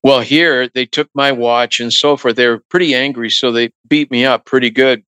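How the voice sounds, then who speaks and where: A middle-aged male musician telling anecdotes in a relaxed interview, acting out what others said to him. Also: mid-range voice, normal speed, smooth, dry recording, rough recording. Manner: relaxed anecdotal, acts out quoted voices. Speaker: guest musician. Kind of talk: storytelling interview talk.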